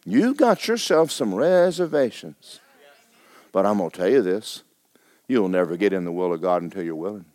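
Animated, stammering middle-aged male pastor. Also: moderate pace, dry recording. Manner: animated, swings from hushed to loud and high; stammering restarts. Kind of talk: sermon storytelling.

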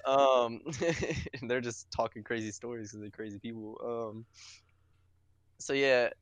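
A man's voice: medium pitch, unhurried, dry recording. Young man swearing through a funny story. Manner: profane, laughing, rambling anecdote. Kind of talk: casual storytelling among friends.

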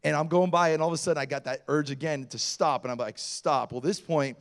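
A middle-aged pastor tells a story from his own life during a sermon. His voice sits a little high for a man. He acts out each quoted line, jumping from loud and excited to hushed and low. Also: quick pace. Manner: animated storyteller acting out quotes.

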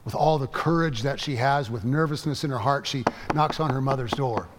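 A man's voice: mid-range voice, noisy background. Man preaching in a reverberant sanctuary. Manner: storytelling, measured with frequent halting repeats. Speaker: pastor. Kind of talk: sermon.

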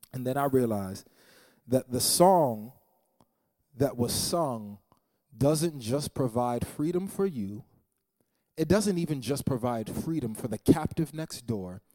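A man's voice: medium pitch, mellow, no room sound. Dramatic man preaching, repeating lines. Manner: dramatic, repeats phrases for emphasis. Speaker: pastor. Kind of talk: sermon. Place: church.

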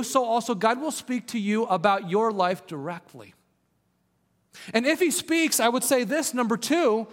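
A man preaching a sermon as a pastor, earnest, sometimes dropping to a hushed voice for emphasis. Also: extremely high pitch. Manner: earnest, drops to a hushed voice on key points. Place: church hall with long reverb. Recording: reverberant church hall.

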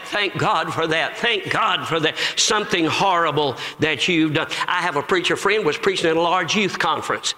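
High, bright-voiced preacher in a hall. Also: male voice, normal speed, few pauses. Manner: preaching with rising, shouted emphasis. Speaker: pastor. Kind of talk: sermon.

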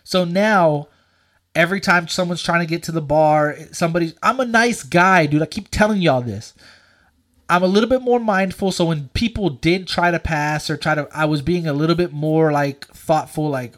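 A man telling a story in casual chat, animated and profane, full of likes and dudes. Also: a little high, normal speed.

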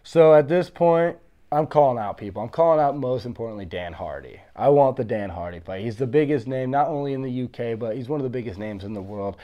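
A man's voice: medium pitch, lively intonation, brisk, lo-fi sound. A man in his early thirties, a former fighter being interviewed, telling his story in a blunt, confident, boastful way. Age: 30s.

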